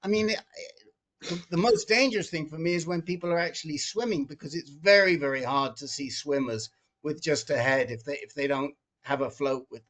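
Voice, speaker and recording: A man's voice: fairly high pitch, fairly quick, fairly bright tone. A man on a group video call, telling a story with many restarts and repeated words. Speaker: support group member.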